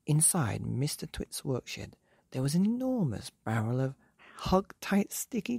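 Man, bedtime story narration, podcast host, lively pitch, husky. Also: unhurried, no echo, clean studio sound. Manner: gentle, animated storytelling.

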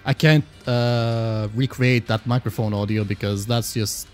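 A man streaming a game live, chatting casually with viewers, excitable and swearing freely. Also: medium pitch, unhurried, soft background music.

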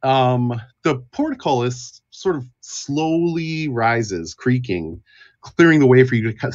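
A man's voice: medium pitch, a bit bright. A man narrating as game master of a tabletop game, descriptive with fillers. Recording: dull lo-fi audio.

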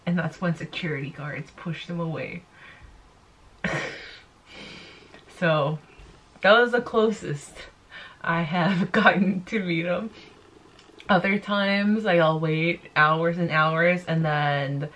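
A woman's voice: fairly low pitch, slow pace, long pauses, fairly bright tone. A woman in her twenties vlogging to camera, gushing and teary, breaking into giggles often. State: teary and emotional. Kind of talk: casual emotional vlog to camera.

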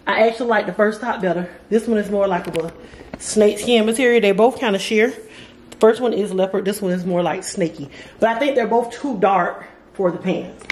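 A woman in her forties chatting casually to her vlog camera and hosting a video call, thinking out loud as she goes. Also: mid-range voice, moderate pace, roomy sound, a little hiss or hum. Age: 40s. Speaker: vlogger and video call host.

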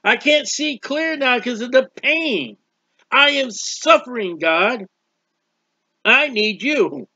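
A man's voice: very high-pitched, takes it slowly, no echo, lo-fi sound. A man preaching a sermon, reading scripture aloud and explaining it, drawing out words for emphasis. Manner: expressive Bible reading with commentary, stretches words.

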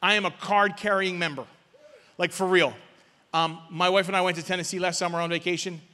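A male pastor preaching a sermon in a church, urging the crowd to answer back and swinging between loud calls and hushed words. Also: sits high, steady tone, fairly quick. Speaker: guest pastor. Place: church sanctuary. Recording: long reverb of a church hall.

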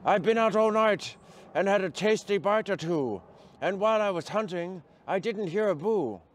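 A man voicing a polite owl in a storybook, calm and apologetic, ending with hoots. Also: sits high, normal speed. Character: polite night owl, sleepy hunter.

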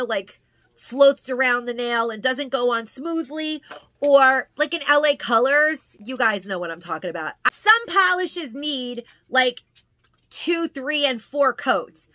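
A New York woman with a high, sharp voice, recorded dry, chats casually through a product haul. As a haul vlogger, she gushes and repeats words for emphasis.

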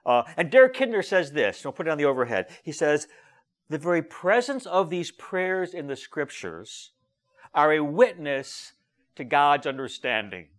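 Animated preaching man. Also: fairly high pitch, normal speed. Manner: lively, emphatic preaching with frequent fillers and restarts. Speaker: rabbi preaching a sermon. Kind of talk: sermon.

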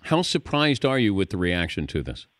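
A male radio host speaks from a dry studio with an animated, rising and falling voice. He jokes easily with his guest and keeps the chat friendly. His delivery is relaxed and conversational. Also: sits low, moderate pace, dry recording. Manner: joking, friendly. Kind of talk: radio interview.

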